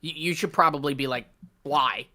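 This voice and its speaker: A man co-hosting a podcast, chatting casually in an animated, joking way. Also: mid-range voice, fairly quick. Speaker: podcast co-host. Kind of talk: casual chat.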